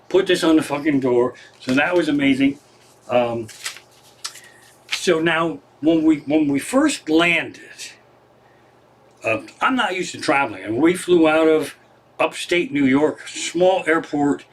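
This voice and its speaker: A man's voice: on the high side, animated, measured pace. A middle-aged man, a comedian, telling a rambling, profane story in a casual live stream from his living room.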